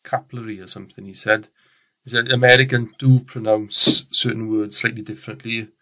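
A Welsh man teaches a recorded science lesson with a bright, forward voice. He talks in a chatty, rambling way, breaking off and restarting his sentences as he goes. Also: on the low side, fairly even intonation, brisk. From Wales. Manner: chatty, rambling, self-correcting.

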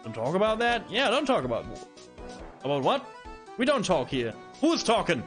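Brief: male streamer, animated and fairly high, excited commentary over game music. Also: normal speed. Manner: excitable, mock-stern toward chat. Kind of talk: let's play commentary.

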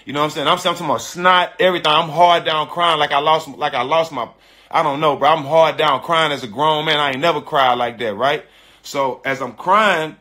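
A middle-aged man hosting a podcast, telling a story casually in animated, profane slang and repeating his phrases. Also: on the high side, brisk. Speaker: podcast host.

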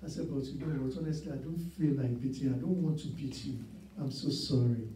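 A man in his sixties, visiting as a guest preacher, delivers a sermon in a church sanctuary, earnestly sharing personal stories and repeating points for emphasis. His mid-range voice is steady and warm, he talks fast, and there's a little hiss or hum. The recording is roomy and distant, with a churchy echo.

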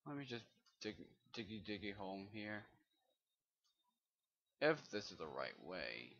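Young-sounding guy doing a rambling let's play, slow and lively in pitch, swears a lot. Lo-fi mic. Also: gravelly. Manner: rambling, swearing, muttering to himself. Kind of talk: casual gameplay commentary. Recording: dull lo-fi mic.

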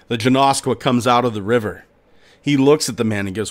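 A man hosting a podcast, narrating a folk tale in a dramatic, expressive storytelling manner. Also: medium pitch, normal speed. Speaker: podcast host.

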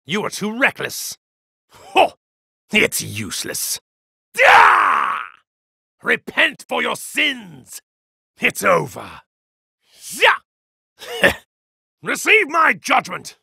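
Brief: an arrogant villain god for a fighting game, gravelly and haughty, slow menacing delivery swinging from low sneers to high shouts, bright edge, dry studio sound. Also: male voice, wildly swooping pitch, no room sound, exaggerated voice. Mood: wrathful. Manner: haughty, contemptuous, grandiose. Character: arrogant evil god in a hero's body, male. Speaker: video game character. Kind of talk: game voice lines.

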